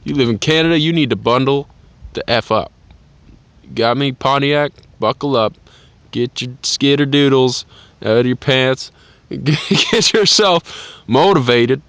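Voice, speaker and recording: A man putting on a brash, fast-flowing accented voice, loud and bossy. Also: medium pitch, dry recording, lightly acted.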